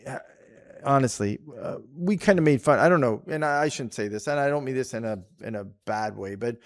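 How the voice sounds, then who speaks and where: A man's voice: mid-range voice, a little fast. A man from Canada co-hosting a casual talk show on policy, chatty and rambling, often laughing. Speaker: podcast co-host. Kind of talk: casual chat about policy.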